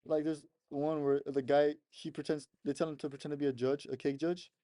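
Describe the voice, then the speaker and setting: Laid-back young man with a dark voice. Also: a little high, flat delivery, brisk, no echo. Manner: laid-back, laughs often while retelling clips. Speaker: podcast co-host. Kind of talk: casual chat.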